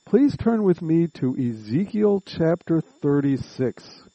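A man preaching a sermon, slow and deliberate, drawing out words and making earnest appeals to his listeners. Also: fairly high pitch, big pitch swings, warm tone, dry recording, poor audio.

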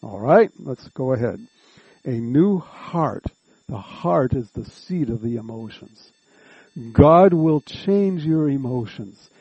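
A man preaching a sermon, slow and deliberate, drawing out words and making earnest appeals to his listeners. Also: mid-range voice, expressive, mellow, husky, no room sound, lo-fi sound.

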